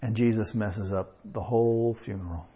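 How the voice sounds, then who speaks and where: A man preaching a sermon in a conversational way, with chuckles and slow emphatic pauses. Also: fairly low pitch, steady tone, warm tone, breathy edge.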